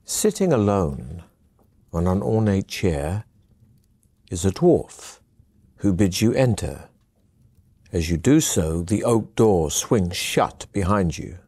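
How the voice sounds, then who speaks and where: Deep, slow male game narrator. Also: husky, dry recording. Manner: calm, measured storytelling. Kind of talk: scripted second-person game narration.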